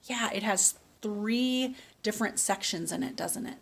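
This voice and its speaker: A woman reading a picture book aloud slowly and patiently, stopping to ask a child questions. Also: mid-range voice, vocal fry. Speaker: speech therapist.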